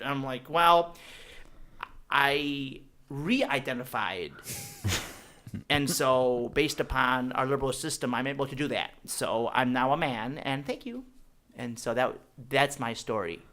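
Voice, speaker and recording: A young man, a podcast guest, telling jokey stories in casual chat. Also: medium pitch. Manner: animated, jokey, puts on voices in anecdotes. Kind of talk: casual comedic storytelling.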